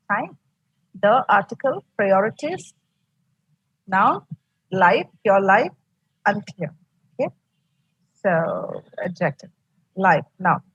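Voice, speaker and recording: Husky-voiced Indian English woman teaching. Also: a little high, a bit bright, dull audio. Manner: patient, repetitive explaining. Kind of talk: online class lecture. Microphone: video call.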